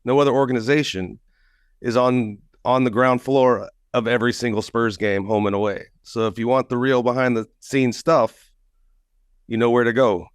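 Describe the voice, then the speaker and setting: A man co-hosting a casual sports podcast as a beat reporter, teasing his colleague in an animated way. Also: mid-range voice, normal speed, clean tone, no echo, clean studio sound.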